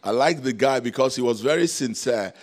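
A man's voice: medium pitch, animated, fairly quick. A man preaching a sermon, calling out to the congregation with rhetorical questions and frequent laughs. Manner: laughs often between points.

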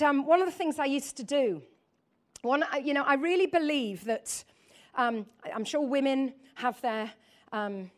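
Woman, preacher, high voice, animated, laughing, lively sermon.

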